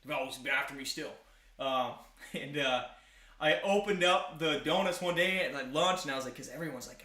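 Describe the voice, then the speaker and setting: A man's voice: on the high side, normal speed, bright, forceful tone. Chatty guy in an echoey room. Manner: rambling, chatty, full of fillers and restarts. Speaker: musician hosting a live stream. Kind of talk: casual storytelling chat. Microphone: live-stream device mic. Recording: roomy echo, faint guitar.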